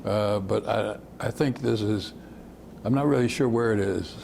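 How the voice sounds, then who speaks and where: Older man, gravelly, slightly low voice, fond rambling recollection, chuckles. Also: unhurried, a little mellow, a little hiss or hum. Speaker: civil rights veteran describing photos. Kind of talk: reminiscing talk.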